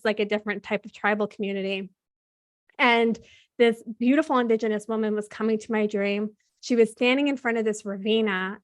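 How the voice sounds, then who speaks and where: A woman telling a personal story as a podcast guest, chatting freely and quoting what she and others said. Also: a little high. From Canada. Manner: chatty, frequent "like" fillers, quotes her own and others' words.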